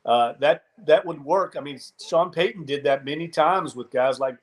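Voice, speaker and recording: A man co-hosting a sports podcast, talking football in a measured, analytical way with frequent restarts. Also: on the high side. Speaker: podcast co-host. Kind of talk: casual sports talk.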